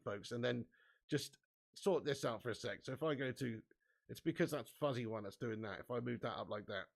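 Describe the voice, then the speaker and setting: A man's voice: fairly high pitch, gravelly, fairly bright tone. A man hosting a casual fan live stream, chatty and laughing often, swearing freely and reading viewer comments aloud.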